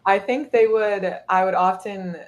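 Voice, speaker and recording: A woman's voice: medium pitch, measured pace, dull audio. A young woman in her twenties, a guest speaking in casual interview chat, chatty and laughing often, with lots of filler words. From Minnesota. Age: 20s. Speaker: guest, college soccer goalkeeper.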